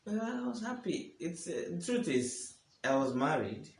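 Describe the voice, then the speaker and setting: A man's voice: a little high, big pitch swings, unhurried, creaky. A young man chatting casually in a laid-back way, throwing in joking asides. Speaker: husband, co-host. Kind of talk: casual chat. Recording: echoey room, a bit far from the mic.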